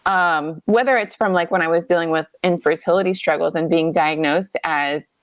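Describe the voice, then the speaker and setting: A woman in her thirties, a guest from the United States, chatting at home over a laptop video call in an animated way, full of "like". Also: lowish voice, moderate pace, dry recording. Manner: chatty and animated, many fillers like "like". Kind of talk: casual interview chat.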